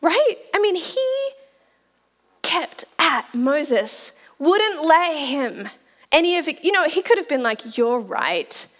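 Lively, high-voiced woman preaching. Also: takes it slowly, in a large hall. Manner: animated, laughs often, addresses listeners as "you guys". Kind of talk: sermon.

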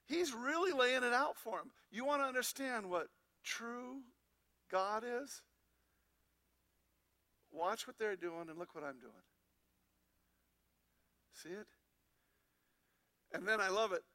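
A man preaching with a very high, bright voice. He keeps firing rhetorical questions at his listeners and reads scripture aloud in a lively sermon. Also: slow, pauses often. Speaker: pastor.

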